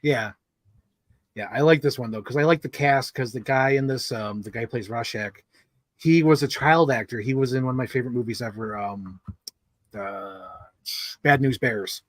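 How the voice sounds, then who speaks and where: A man co-hosting a casual film chat, excitable and chatty, leaning on "like" a lot. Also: mid-range voice, normal speed, no room sound. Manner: chatty, leans heavily on 'like', excitable. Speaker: co-host. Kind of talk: casual chat about films.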